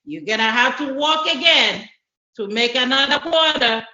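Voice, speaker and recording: A woman's voice: high-pitched, animated, normal speed, pushed and bright. A woman voicing a stern father who questions his son firmly. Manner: firm, questioning. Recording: echoey church hall, dull sound.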